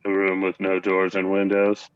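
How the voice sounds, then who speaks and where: A man playing a tabletop role-playing game, calm and dry in manner. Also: low voice, normal speed, clean tone, no echo, dull audio. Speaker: player. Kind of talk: casual tabletop play.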